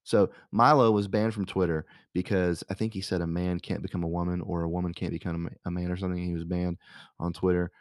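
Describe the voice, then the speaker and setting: A man's voice: low-pitched, little pitch movement, fast talker, no echo, studio quality. A young man, a radio host telling stories in a rambling, casual way, full of fillers and restarts. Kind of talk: casual storytelling monologue.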